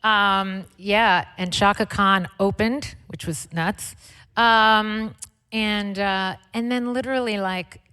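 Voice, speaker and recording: A woman guest telling stories in a chatty, excitable way with lots of fillers, speaking onstage at a live conversation event. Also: medium pitch, slow, clean tone. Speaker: interview guest, singer. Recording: long hall reverb.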